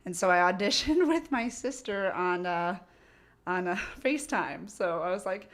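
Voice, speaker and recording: A woman's voice: fairly low pitch, moderate pace. Giggly young woman telling stories. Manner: giggly, animated storytelling with acted-out quotes. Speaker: actor guest. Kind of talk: casual chat.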